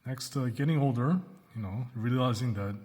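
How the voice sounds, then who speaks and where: Mid-pitched male English teacher in a reverberant room, clear patient lesson delivery with drawn-out model phrases. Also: darkish tone. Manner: slows down to model example sentences, checks with "right?" and "okay?". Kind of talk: recorded classroom lesson.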